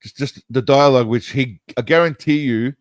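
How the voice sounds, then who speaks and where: A man's voice: medium pitch, moderate pace, no echo. Mocking man riffing over a trailer. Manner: mocking, rambling, laughs at his own jokes. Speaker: streamer and host reacting to a film trailer. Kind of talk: casual reaction chat.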